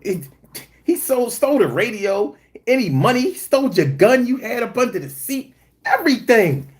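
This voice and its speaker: A man hosting a casual livestream, reading chat and telling joking, profane stories. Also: moderate pace. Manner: animated, swings high when telling stories.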